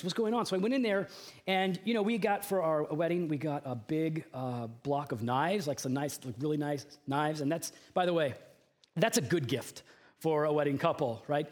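A male pastor giving a sermon in a conversational way, full of chatty asides and fillers. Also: on the high side. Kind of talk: sermon with personal anecdote.

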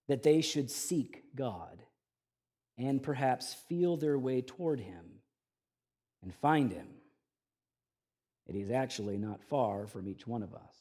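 A man preaching a sermon, his voice swelling loud on key phrases and dropping soft between them. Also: medium pitch, takes it slowly, long pauses. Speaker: pastor.

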